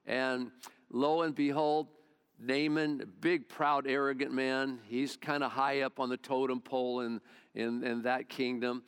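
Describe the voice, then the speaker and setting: A man's voice: mid-range voice, flat delivery, a little slow, clean tone. A male pastor preaching a sermon, retelling a Bible story in a folksy, conversational way.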